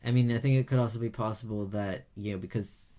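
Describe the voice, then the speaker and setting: Low-voiced man giving opinionated TV critique. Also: fairly even intonation, fast talker, dark tone. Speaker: podcast co-host. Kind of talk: casual chat reviewing TV shows.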